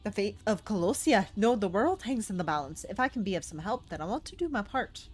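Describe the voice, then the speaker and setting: A woman's voice: mid-range voice, expressive, brisk, faint music behind, close to an everyday voice. Woman voicing an eager young dwarf miner. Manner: eager, pleading.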